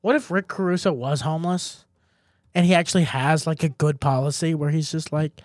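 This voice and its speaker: A man co-hosting a podcast in casual chat, joking and animated, laughing often. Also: fairly high pitch, fairly quick, dry recording, studio quality. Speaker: podcast co-host.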